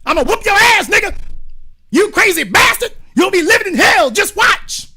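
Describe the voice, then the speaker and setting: A man voicing an angry girlfriend who shouts curses and threats through a locked door. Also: very high-pitched, sing-song, drawn-out words, background noise, pitched above the performer's own voice, heavily acted. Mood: furious.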